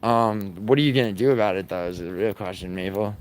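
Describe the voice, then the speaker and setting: A livestream host with a lowish voice talks fast, rambling crudely and profanely while he mocks his chat.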